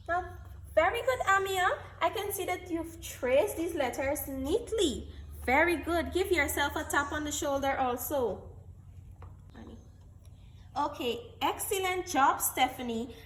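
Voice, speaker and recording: A woman's voice: high-pitched, fairly bright tone, a little hiss or hum. A woman teacher giving a phonics lesson to small children, patient and full of praise, repeating key words. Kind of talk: slow, deliberate classroom instruction to small children. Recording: echoey room.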